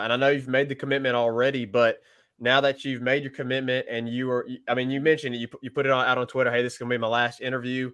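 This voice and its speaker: A man's voice: medium pitch, fairly bright tone. A man co-hosting an interview show, asking long, winding questions in an earnest way. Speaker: podcast co-host.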